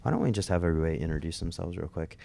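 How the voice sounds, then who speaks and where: A man's voice: sits low, lively intonation, very fast, vocal fry, warm tone. A man hosting a podcast in a loose, joking conversational way. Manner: easygoing, joking. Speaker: podcast host. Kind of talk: casual podcast chat.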